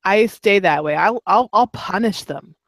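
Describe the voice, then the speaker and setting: A woman's voice: mid-range voice, animated, unhurried, a bit bright. A woman co-hosting a casual podcast chat, telling stories candidly with frequent restarts and laughs. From Canada. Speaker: podcast co-host, motorcycle rider.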